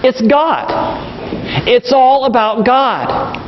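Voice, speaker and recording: A man's voice: very high-pitched, drawn-out words, a little hiss or hum. A male pastor preaching a sermon, earnest, driving points home with repetition. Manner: earnest, storytelling with emphatic repetition. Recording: dull lo-fi recording with long hall reverb.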